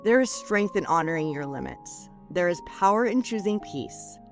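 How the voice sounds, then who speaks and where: On the low side and at a moderate pace, a woman podcast host reads out a scripted letter of reflection. Her tone is soothing and expressive, moving from lifted phrases to hushed drops, with soft music playing behind her.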